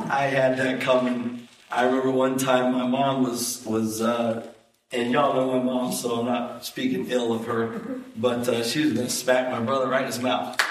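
A man preaching a conversational sermon as a pastor, building up loud and high when he stresses a point. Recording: echoey hall, from far off.

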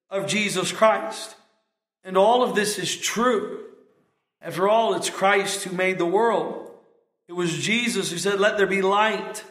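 High-voiced middle-aged preacher, echoey church. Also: male voice, fairly bright tone. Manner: emphatic preaching with rising stressed words and measured pauses. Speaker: pastor. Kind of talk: sermon.

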